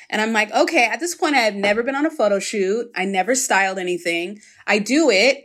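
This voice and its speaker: A woman's voice: mid-range voice, animated, brisk, a bit bright. A woman in casual conversation, telling a story with animation and acting out the voices of people she quotes.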